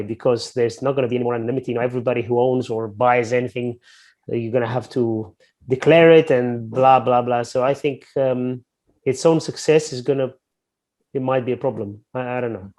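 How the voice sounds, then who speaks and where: A man's voice: mid-range voice, a little mellow. A man with a mid-range voice explains the markets in an easygoing, offhand manner. He sounds like he is on a video call mic. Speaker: market analyst co-host. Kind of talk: casual webinar chat.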